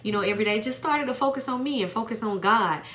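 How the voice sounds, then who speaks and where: A woman's voice: a little high, fast, a bit bright. A Southern American woman in her thirties, co-hosting a podcast and talking casually and reflectively. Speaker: podcast co-host. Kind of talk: casual chat.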